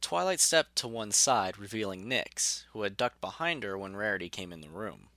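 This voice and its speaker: A man telling a story in a measured, even way, with a bright, fairly low voice. The sound is close and dry, like a home studio mic. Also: no echo. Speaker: narrator. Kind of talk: storybook narration.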